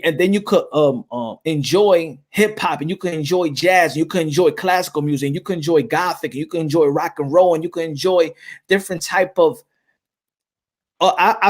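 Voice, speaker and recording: A man's voice: fairly high pitch, normal speed. A man from New York with a New York accent, talking in a loose, rambling way, full of restarts and "you know what I'm saying". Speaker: boxing channel host. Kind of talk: casual chat.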